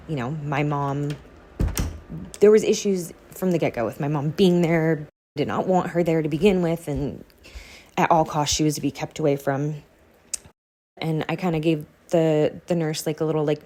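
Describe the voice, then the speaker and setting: A woman's voice: low-pitched, animated, moderate pace, a little mellow. A young adult woman, a podcast guest, telling a personal story candidly with many "like" fillers.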